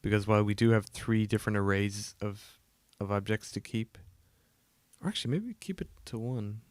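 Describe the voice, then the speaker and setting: A man, an indie game developer, chatting casually and a little croaky from a cold while he codes on a livestream, rambling and self-deprecating with lots of fillers. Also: moderate pace, a little mellow, no room sound. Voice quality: gravelly, lower than usual. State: croaky, getting a cold, yawning. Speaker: indie game developer streaming his work. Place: home room, cold.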